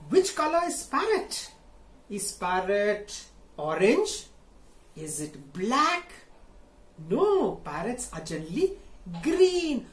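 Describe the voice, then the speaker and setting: Woman narrating a children's story, slow, lively sing-song pitch, echoey room.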